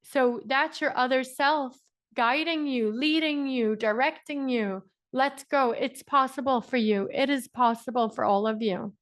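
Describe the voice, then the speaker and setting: High-voiced Irish woman coaching. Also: measured pace, dry recording, studio quality. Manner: emphatic, repetitive, laughs often. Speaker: business coach. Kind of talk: motivational coaching call.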